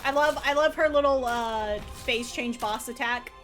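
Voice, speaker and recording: High pitched woman streamer, laughs a lot, yells at the game, faint music behind. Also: moderate pace. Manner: excitable, laughs often, loud playful outbursts. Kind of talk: casual livestream gameplay commentary.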